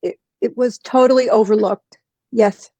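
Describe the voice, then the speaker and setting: Halting New woman on a call. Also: fairly high pitch, mellow, no echo, lo-fi sound. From New York, Queens. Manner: halting, emotional, self-interrupting. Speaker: reading participant. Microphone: video call.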